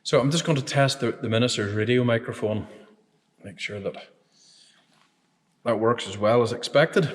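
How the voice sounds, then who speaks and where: Tuning a sound system, a man who installs AV equipment talks through every step in a methodical, casual work vlog. He has a mid-range voice at a moderate pace, captured with long hall reverb.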